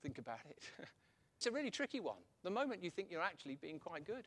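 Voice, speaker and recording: A man delivers a sermon with lively, conversational energy. His voice sits a little high for a man, and he chuckles at his own points as he talks. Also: brisk. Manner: animated, chatty, laughs at his own points. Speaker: preacher.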